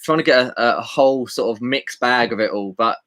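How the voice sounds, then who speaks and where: A man's voice: medium pitch, fairly quick, a crowd in the background. A young man with a Portsmouth English accent, a guest on a casual live-stream chat, talking in loose, hesitant bursts. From England. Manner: hesitant, many fillers and restarts.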